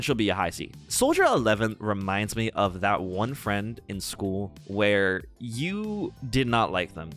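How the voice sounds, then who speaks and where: A man rambles through game character rankings in a playful, joking way. His pitch bounces around a lot and he often slips into mock-dramatic declarations. His voice sits in a middle range, with faint music underneath. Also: fairly bright tone. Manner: playful, rambling, theatrical asides. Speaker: gaming YouTuber. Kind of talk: casual tier-list commentary.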